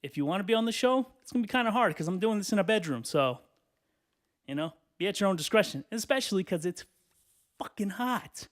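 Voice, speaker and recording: A man hosting a solo podcast from a hot bedroom, rambling casually with lots of swearing and filler, a little out of breath and clearing his throat. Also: high-pitched, lively intonation, fast. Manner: rambling, profane, lots of "you know". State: out of breath and sweaty, standing. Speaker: podcast host.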